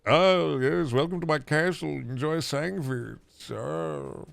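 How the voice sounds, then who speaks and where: A fussy, eager vampire host , put on by a man, lays on old-world hospitality in a raised, softened, slowed voice. The vowels are stretched, the tone is airy and a touch distant, and every line fawns over the guest. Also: fairly high pitch, gravelly, voice pushed up, exaggerated voice. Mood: fawning. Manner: overly polite, drawn-out old-world hospitality.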